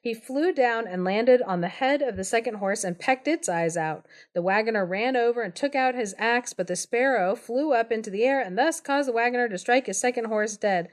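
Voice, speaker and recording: A woman's voice: fairly high pitch, normal speed, hardly any pauses. A woman telling a fairy tale on a live stream, narrating steadily and breaking off for playful, giggly asides. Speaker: storyteller, podcast co-host.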